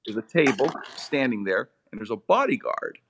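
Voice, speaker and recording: A middle-aged man, a radio personality, telling comic stories in a lively, animated way. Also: moderate pace, noisy background. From Pittsburgh area, USA. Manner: lively, comic, with big swings in pitch. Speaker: radio personality and podcast host, guest. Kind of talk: animated storytelling.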